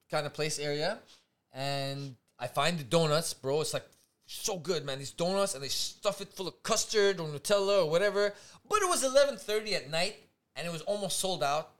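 A man with a fairly high voice tells a night-out story on a casual podcast, swearing freely and acting out the people he met. He sounds loose and lively, bouncing between narration and voiced quotes. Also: normal speed. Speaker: podcast co-host.

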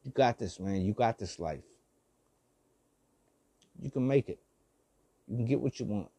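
A man's voice: medium pitch, expressive, a little slow, creaky, dark tone, no echo. Older man preaching forgiveness, dry sound. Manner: heartfelt, preachy, repeats phrases, swears, slangy. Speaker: vlogger giving life advice. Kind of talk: emotional motivational monologue.

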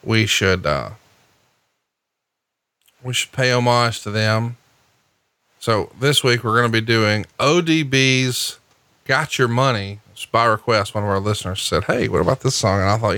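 A man's voice: on the low side, measured pace, pauses often, pushed and bright, dry recording. A man hosting a podcast, teasing and needling his co-host with sarcasm. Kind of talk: casual podcast banter.

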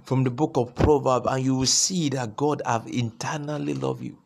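Fervent preacher with a gravelly voice. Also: male voice, mid-range voice, steady tone, moderate pace. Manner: fervent, repetitive preaching, rising emphatically. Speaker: pastor. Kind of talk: sermon with opening prayer.

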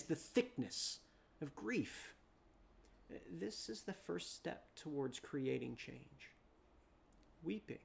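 A preacher giving a dramatic sermon, repeating phrases, rising loud then dropping to a hush. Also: mid-range voice, creaky.

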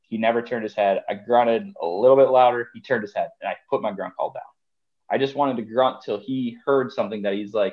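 A man's voice: fairly low pitch, steady tone, brisk, muffled recording. A man chatting casually on a podcast as a guest, rambling with lots of fillers. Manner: rambling, conversational, many fillers. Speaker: podcast guest, deer hunter.

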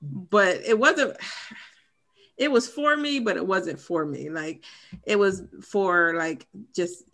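Bright-voiced woman telling a candid story. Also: on the low side, slow pace. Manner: candid storytelling with many fillers. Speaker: podcast co-host. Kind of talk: casual chat, personal story.

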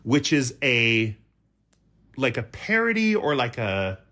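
A man's voice: mid-range voice, sing-song, slow, sharp tone. A middle-aged man co-hosting a podcast, telling a rambling, self-mocking story in casual chat. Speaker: podcast co-host.

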